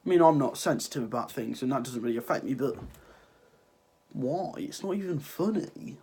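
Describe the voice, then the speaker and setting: A man's voice: mid-range voice, animated, moderate pace, dark tone, husky. A teenage lad with a cold, sniffling through a rambling, sarcastic rant to his viewers. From Ireland. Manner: sarcastic, rambling, swears freely. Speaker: vlogger. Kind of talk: casual ranting vlog.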